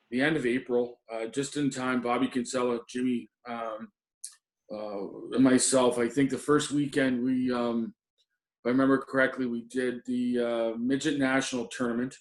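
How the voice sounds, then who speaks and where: A man's voice: mid-range voice, steady tone, moderate pace. A middle-aged man, a former assistant hockey coach, reminiscing in an interview with many ums and restarts. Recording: roomy echo.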